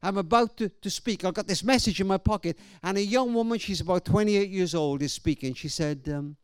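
A middle-aged man preaching a sermon, telling stories and swinging between raised and hushed delivery. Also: high-pitched, fairly quick, hardly any pauses, clear, resonant tone, no echo. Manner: storytelling, swings from loud to hushed. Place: church hall or event venue.

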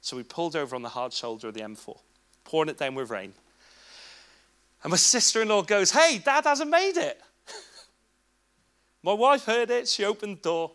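A man's voice: fairly high pitch, normal speed, pauses often, fairly bright tone, clean tone. A man in his thirties with an English accent, giving a candid, informal personal testimony at a church children's ministry event, with asides to the audience.

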